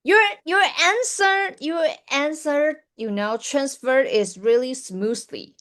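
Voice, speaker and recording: A woman hosts the interview and asks her questions in simple, careful English. She talks slowly, and her voice sits a little higher than most women's. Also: fairly bright tone. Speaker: host, English learner.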